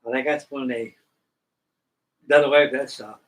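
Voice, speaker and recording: A man's voice: mid-range voice, fairly even intonation, normal speed. Folksy, rambling man, far from mic. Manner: rambling, folksy, swears casually. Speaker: model builder hosting a live stream. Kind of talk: casual live-stream chat while working.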